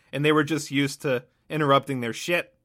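A man with a bright, forceful voice rambles through a solo comic monologue. He is sardonic and keeps interrupting himself, and he speaks in a fairly high register. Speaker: podcast host.

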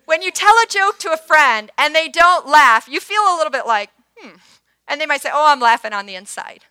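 A woman in her fifties preaching a sermon, earnest, moving from hushed prayer to emphatic bursts. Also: high voice, no room sound. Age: 50s. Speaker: pastor.

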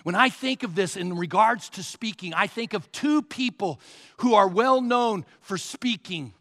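A man's voice: sits high, a little slow, fairly bright tone, long reverb tail. A man preaching a sermon as pastor, emphatic and urging his listeners to write points down.

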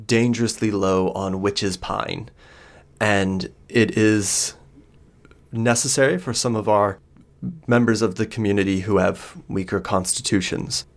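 A man's voice: fairly low pitch, vocal fry. A man voicing an old woman who is a village healer and elder, asking politely and hesitantly for help.

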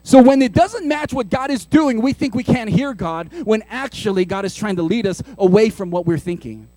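High-voiced man preaching animatedly. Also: normal speed, dry recording. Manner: animated, conversational preaching with playful asides. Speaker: pastor. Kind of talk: sermon.

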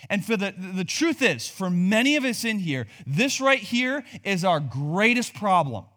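A man's voice: high-pitched, big pitch swings, unhurried, fairly bright tone. A man preaching a sermon in a conversational, joking style, with rhetorical questions to his congregation. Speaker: pastor.

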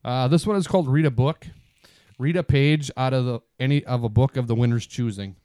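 A man co-hosting a casual podcast, laying out challenge ideas in a laid-back, matter-of-fact way. His voice is smooth and clear, recorded close and dry with no room sound. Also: mid-range voice, a little fast, dark tone, dry recording. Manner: laid-back, lists dares matter-of-factly. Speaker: podcast co-host. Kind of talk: casual chat.

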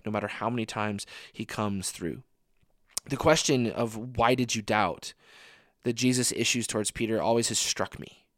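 Young adult male preacher, casual chatty delivery, mid pitch, dry close recording. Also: fairly bright tone, no echo. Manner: conversational, many "like" fillers. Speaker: young adult ministry speaker. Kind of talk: casual sermon.

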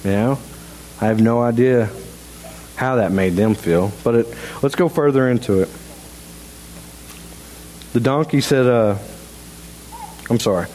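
A man preaching a sermon in a church in a halting, conversational way, full of restarts. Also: mid-range voice, dark tone, a little hiss or hum, rough recording. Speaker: pastor. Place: church sanctuary.

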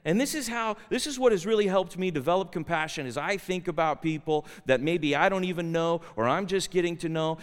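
A male preacher delivers an earnest sermon and keeps turning direct questions on his listeners. His voice sits fairly high and sounds smooth and clear. The words trail into a long reverb from a large chapel. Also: a bit bright.

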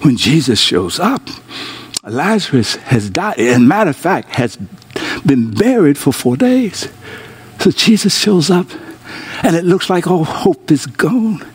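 A man preaching a sermon as pastor, calling on his online congregation to respond and swinging between soaring exclamations and low, intimate tones. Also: sing-song, unhurried, breathy edge.

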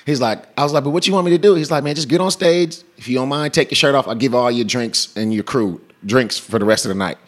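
A man's voice: mid-range voice, quick pace, few pauses. A man in his thirties from California, telling stories as an interview guest in a casual, slangy way, laughing often. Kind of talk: casual storytelling.

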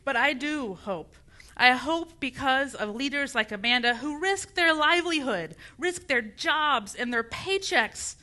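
A woman preaches with impassioned conviction. Her voice sits high and rings bright and forceful, climbing into fervent outrage. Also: expressive, a little slow. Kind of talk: passionate sermon.

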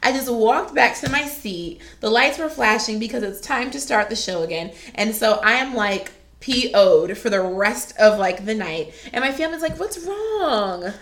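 Lively woman telling a funny story. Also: fairly high pitch, normal speed, hardly any pauses. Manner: animated, laughing, acts out quotes. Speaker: podcast co-host. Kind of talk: casual storytelling chat.

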